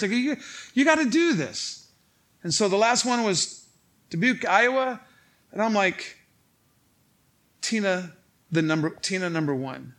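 Here the man's voice is very high-pitched, at normal speed with frequent pauses. He's a Chicago-accented pastor from Illinois, telling a funny story to his congregation from the church stage and acting out the quoted dialogue in a lively, joking way.

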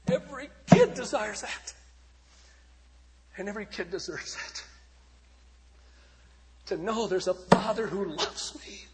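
A male evangelist tells stories from the pulpit, his high voice leaping and dipping with lively swings. He booms in some stretches and drops near a whisper in others. The sound rings with a long hall reverb. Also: measured pace, pauses often, a little hiss or hum. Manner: dramatic, shifting from shouts to hushed tones. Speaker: evangelist speaker. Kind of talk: sermon storytelling.

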